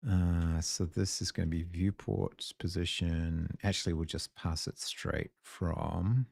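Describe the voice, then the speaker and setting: Man, New Zealand accent, deep, mellow, dry close sound, thinking aloud while coding. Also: level tone, slow pace, vocal fry, breathy edge, dry recording. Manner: muses aloud, trails off, chats with viewers. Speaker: live-coding streamer.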